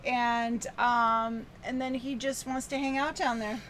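A woman's voice: fairly high pitch, level tone, unhurried, fairly bright tone. A woman co-hosting a casual chat about an old film, recapping the plot with many ums and frequent laughs. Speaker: podcast co-host.

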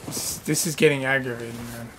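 A male streamer talks through live gameplay in a casual, profane way, reacting loudly when things go wrong. His pitch sits in the middle range for a man. Faint noise sits behind his voice. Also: steady tone, a little fast. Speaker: game streamer.

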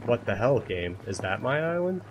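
Lively young man streaming a survival game. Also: lowish voice, normal speed, muffled recording, background noise. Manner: animated, self-mocking, swears and laughs freely, talks to chat. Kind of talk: live-streamed gameplay commentary.

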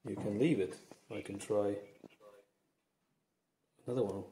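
A man's voice: fairly low pitch, unhurried, mellow, a little hiss or hum. A man reviewing a product, walking through its features step by step in a casual, chatty way.

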